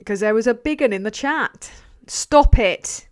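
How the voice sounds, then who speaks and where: A woman hosting a livestream, chatty and sweary, with a self-deprecating streak. Her voice sits a little high for a woman. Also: a little fast. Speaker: livestream host. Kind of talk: casual livestream chat reading donations.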